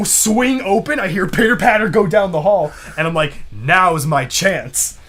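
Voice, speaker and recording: Laughing often, a young man co-hosting a podcast spins a long, casual story and animatedly voices what other people said. He has a high voice and an unhurried pace.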